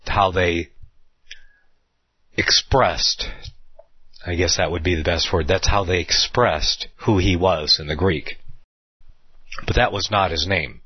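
A man giving an unscripted Bible study talk, rambling with fillers and restarts, slowing down to stress key words. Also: sits low, slightly rough, no echo, dull audio.

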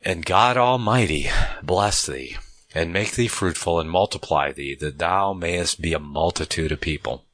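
A man teaching from the Bible, reading the passages aloud at a measured pace and breaking off to comment on them in a conversational way, often restarting his sentences. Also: low-pitched, fairly bright tone, no echo.

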